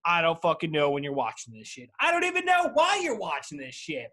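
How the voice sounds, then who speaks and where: A man's voice: sits high, wildly swooping pitch, a little fast, sharp tone. Rambling, foul-mouthed male podcast host. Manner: rambling, profane, laid-back stoner chat. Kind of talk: casual solo podcast monologue. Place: at home.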